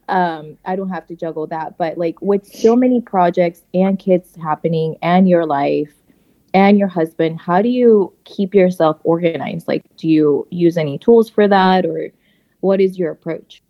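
Woman co-host, slightly low voice, casual, halting, muffled line. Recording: dull, lo-fi sound.

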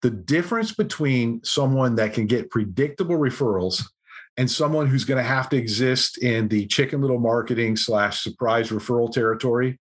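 A man guest on a podcast, telling a story in a casual, animated way and acting out what people said. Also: mid-range voice, normal speed, husky. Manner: animated anecdote-telling, acts out quotes. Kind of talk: conversational storytelling.

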